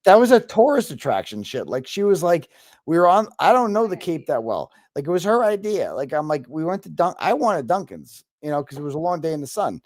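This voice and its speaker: A man's voice: fairly high pitch, a little fast, no echo, studio quality. A man telling a story with a lot of swearing, in a casual chat over a video call. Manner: animated storytelling, frequent swearing. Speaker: guest.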